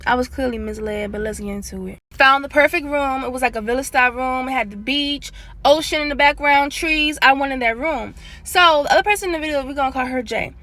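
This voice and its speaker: A woman's voice: sits high, brisk. A woman, casually telling a personal story into a handheld phone and chatting to viewers. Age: late 20s. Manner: chatty, animated, addresses viewers as y'all.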